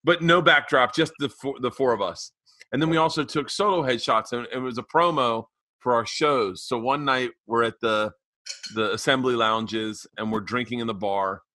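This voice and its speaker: A comedian tells an animated story on a podcast, laughing through his own punchlines. His voice has a bright edge at an average pitch for a man. The sound is dry and close, with no room around it. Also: moderate pace, no echo.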